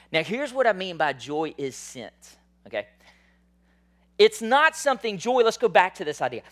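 A man preaching a sermon in a conversational style, swinging from loud, high bursts to soft, low asides. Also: brisk. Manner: animated, rises high and loud then drops soft; conversational, frequent "like" and "right?". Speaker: pastor.

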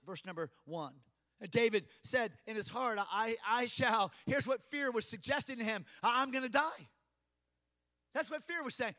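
A man's voice: high voice, bright, forceful tone. A man preaching a sermon, building emphasis and acting out quoted voices. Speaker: pastor.

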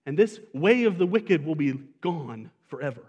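A man's voice: fairly high pitch, sing-song, moderate pace, a little mellow, slightly rough, in a large hall, muffled recording. A man preaching a sermon as pastor, talking conversationally and asking the congregation questions.

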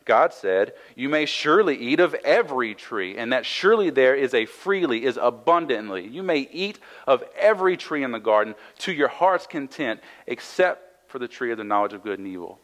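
The recording is low quality, and the man's medium-pitched, slightly bright voice swings widely in pitch at a moderate pace with hardly any pauses. As a pastor giving a conversational sermon, he reads Bible verses aloud and explains them, often asking "right?"

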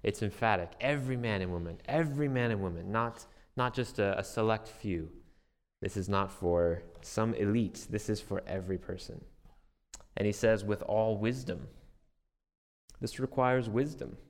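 A man's voice: fairly low pitch, normal speed, big-room sound. A man preaching a sermon as a pastor, earnest and conversational, with restarts and light self-deprecating humor.

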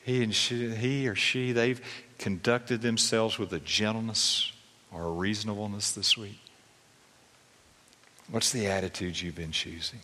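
Bright-voiced pastor preaching in a reverberant hall. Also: male voice, steady tone, unhurried. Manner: conversational preaching, rhetorical questions, soft low drops at line ends. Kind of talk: sermon.

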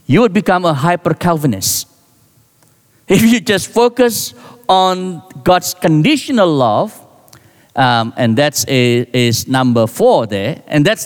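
A man preaching a sermon as a pastor, deliberate, with rising emphasis on key words. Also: sits high. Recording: long reverb of a large hall.

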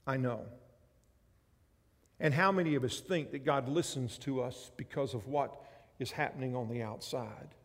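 A pastor preaching a sermon with an emphatic, repetitive cadence. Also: male voice, medium pitch, moderate pace, big-room sound.

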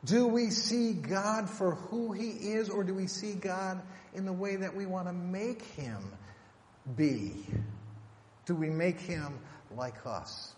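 A man's voice: sits high, a little mellow. Emphatic male pastor in an echoey hall. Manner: emphatic, rhetorical questions, slows for scripture. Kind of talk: sermon. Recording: echoey hall, faint room noise.

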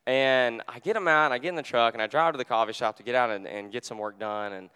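A young man preaching a sermon in a conversational, animated way, full of fillers, and dropping to a hush for quoted words. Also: mid-range voice, fast, clean tone. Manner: drops to a hushed voice when quoting Jesus.

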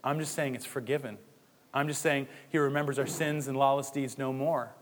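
A man's voice: medium pitch, steady tone, fairly quick, slight background noise. A man preaching a sermon in a casual, conversational way, acting out the inner voices of his listeners. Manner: conversational, rhetorical asides, acts out inner voices. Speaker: pastor. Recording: long hall reverb.

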